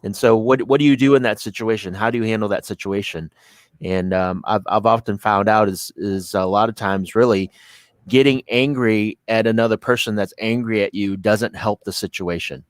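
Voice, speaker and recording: A man's voice: fairly low pitch, moderate pace, no echo. Laughing man in dry-sounding business chat. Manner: laughs often, restarts phrases.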